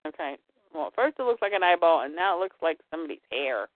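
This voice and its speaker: A woman's voice: low voice, big pitch swings, quick pace, dry recording. Woman recapping comics over a phone line. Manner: reads comic lines aloud with asides. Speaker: podcast host. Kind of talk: casual comic book recap.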